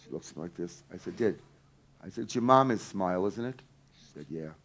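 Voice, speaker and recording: A middle-aged man speaking to a live audience, telling a personal story with intensity, dropping to a hush and swearing casually. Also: deep voice, lively intonation, brisk. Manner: intense, swings from loud to hushed, swears casually. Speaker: speaker teaching a workshop.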